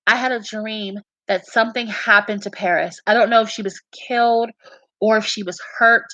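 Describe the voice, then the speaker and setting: With a steady, mid-range voice that sounds pushed and bright, a woman talks at a moderate pace about what she believes and dreams of as a fan. She's earnest and emphatic, often restarting sentences or repeating herself, in dull audio with no room sound.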